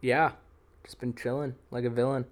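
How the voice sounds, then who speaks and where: A man's voice: medium pitch, flat delivery, normal speed. A young man, co-hosting a podcast in casual chat, laid-back and slangy, drifting between thoughts. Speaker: podcast co-host.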